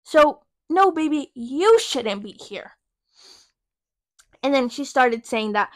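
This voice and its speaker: A young woman in her twenties hosting a podcast, telling a work story in a sassy, profane, animated way. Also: high-pitched, slow pace, long pauses, no echo. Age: young adult. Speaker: podcast host. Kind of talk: casual storytelling rant.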